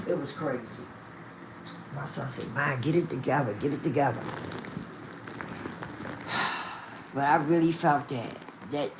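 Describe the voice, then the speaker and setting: A woman's voice: very deep voice, noisy background. An older woman talking casually to her viewers, emphatic and repetitive. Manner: emphatic, repeats herself, talks straight to viewers. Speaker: vlogger.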